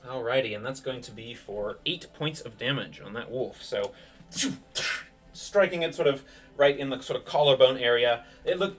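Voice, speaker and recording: A man's voice: mid-range voice, fairly bright tone, recorded from a distance. Man narrating a tabletop game. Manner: vivid play-by-play of rolls and attacks. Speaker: game master.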